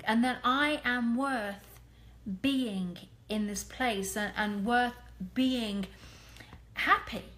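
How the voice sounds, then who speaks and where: A woman's voice: a little high, fairly bright tone. An English woman giving an earnest, emphatic live talk to fans, blunt and candid, with some mild swearing. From England. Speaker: medium and clairvoyant. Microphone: phone or webcam.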